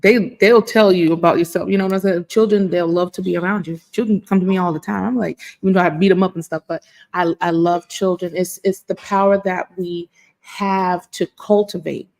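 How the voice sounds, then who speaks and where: Earnest woman w a lowish voice, panel chat. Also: steady tone, a little fast, gravelly, a little mellow. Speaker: panel guest.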